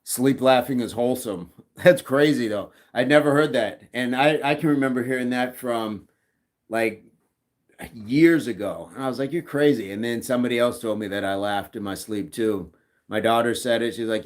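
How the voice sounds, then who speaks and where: A man's voice: mid-range voice, moderate pace. Jokey man hosting a live chat. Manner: jokey, laughs often, reads chat messages aloud. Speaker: livestream host reading chat.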